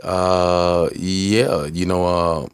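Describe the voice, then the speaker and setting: A man vlogging in a loose, rambling way, swearing freely and giving shout-outs to his viewers. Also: deep voice, level tone, extremely slow, smooth, no room sound, studio quality. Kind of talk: casual rambling vlog.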